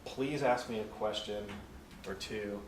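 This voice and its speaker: A man's voice: on the low side, a little slow. A man leading a conference session, telling a work story and acting out the people in it. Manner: animated storyteller acting out quotes. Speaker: session leader. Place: conference room. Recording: echoey room from far off with noise.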